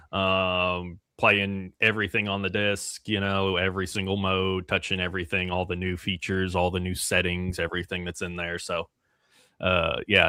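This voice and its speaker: Low voiced reviewer guy, bright punchy tone, short matter-of-fact answers. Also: clean tone, no echo, clean studio sound. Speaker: game reviewer. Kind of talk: casual podcast chat.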